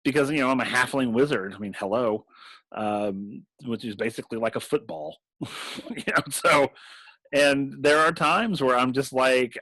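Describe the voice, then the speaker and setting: A man's voice: medium pitch, animated, moderate pace, sharp tone, no echo, low-quality recording. A man in casual chat about tabletop games, rambling with restarts and laughing often. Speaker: game master and podcast host.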